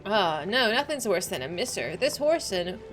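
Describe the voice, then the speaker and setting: A woman's voice: mid-range voice, sing-song, normal speed, a bit bright, faint music behind. A woman voicing a rowdy, boastful male pirate sailor while reading game dialogue aloud. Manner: folksy salty sailor talk.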